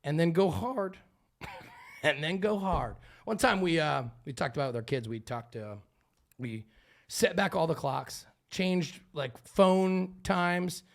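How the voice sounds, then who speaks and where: A man co-hosting a podcast in casual chat, telling stories in an animated way and jumping into loud acted quotes. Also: on the high side, slow, gravelly. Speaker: podcast co-host. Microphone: studio headphones and microphone.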